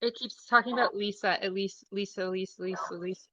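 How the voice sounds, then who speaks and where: A woman's voice: medium pitch, steady tone, a little fast, fairly bright tone, no echo, dull audio. A woman hosting a live-stream seance, hesitant at times and repeating aloud what she says she hears. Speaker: host leading a live seance.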